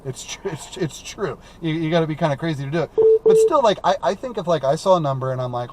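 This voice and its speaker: A man's voice: on the high side, wildly swooping pitch, quick pace, a little mellow, a little hiss or hum. A young man hosting a call-in talk show while driving around in his car, chatting casually, rambling and repeating words with lots of fillers. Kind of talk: casual chat.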